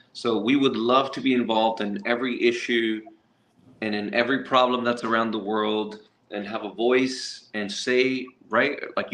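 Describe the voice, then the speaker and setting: A man's voice: mid-range voice, bright, forceful tone, roomy sound. A man leading a nonprofit, answering a panel question earnestly and reflectively. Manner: earnest, reflective, thinks aloud with restarts.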